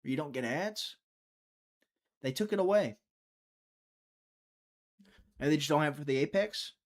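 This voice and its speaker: A man's voice: on the high side, animated, measured pace. Chatty young man hosting a fight stream. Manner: chatty, teasing, reads viewer chat aloud. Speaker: live stream host. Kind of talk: casual live-stream fight commentary.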